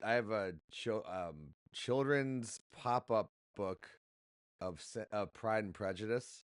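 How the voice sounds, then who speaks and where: A man's voice: lowish voice, takes it slowly, smooth, dry recording, clean studio sound. A man co-hosting a podcast in casual chat, playful and jokey as he tells a story. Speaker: podcast co-host.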